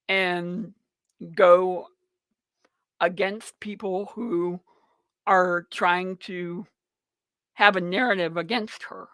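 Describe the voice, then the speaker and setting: A male talk radio host speaking slowly and deliberately in a dry, close studio sound. He rambles through his news commentary with plenty of ums and uhs, sounding blunt and opinionated. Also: high-pitched, a bit bright, clean tone, dry recording.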